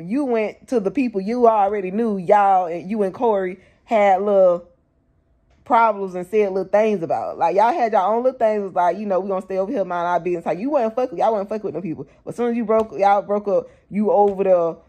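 A woman's voice: mid-range voice, fairly quick, dark tone. A young woman vlogger giving blunt, slangy opinion commentary, firing off rhetorical questions.

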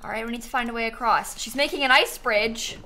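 A woman's voice: fairly high pitch, quick pace, sharp tone. A young woman streaming a video game live, chatting casually and reading quest text aloud. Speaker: gaming streamer.

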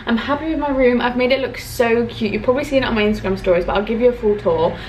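A woman's voice: on the high side, fast, a little mellow, recorded from a distance, a little hiss or hum, poor audio. A young woman chats in a casual vlog, talking emotionally and rambling with many fillers. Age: young adult. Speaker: vlogger.

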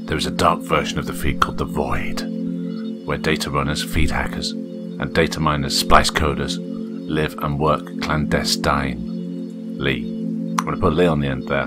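A man with a very low, deep voice gives casual play-along commentary on indie games, chatting to himself between attempts. He reads the game's story text out loud, trips over words and corrects himself. Music plays clearly underneath. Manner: chatty, reads on-screen text aloud with stumbles. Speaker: game reviewer. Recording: background music clearly audible.

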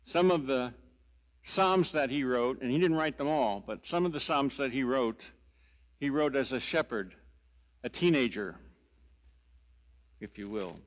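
An older man preaching a sermon as pastor, telling stories slowly and deliberately with a wry sense of humor. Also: mid-range voice, animated.

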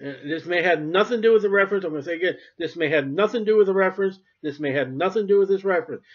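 Emphatic high-voiced man preaching. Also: rapid-fire. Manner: emphatic, swings between loud and quiet. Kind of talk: sermon. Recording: dull lo-fi recording.

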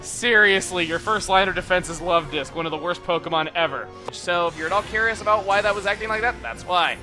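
A young man doing excitable, sarcastic commentary over gameplay. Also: high-pitched, a little fast. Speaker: let's player. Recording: faint music behind.

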